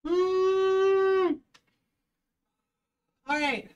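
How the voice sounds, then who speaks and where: A woman dog trainer giving casual reaction commentary, animated and sarcastic, often breaking into laughter. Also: extremely high pitch, extremely slow, far from the mic, highs cut off, soft background music.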